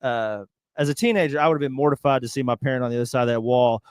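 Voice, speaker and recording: A man's voice: mid-range voice, a little mellow, smooth, no echo, studio quality. A man co-hosting a casual chat, commenting on an episode. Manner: quick, chatty commentary with restarts. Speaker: podcast co-host.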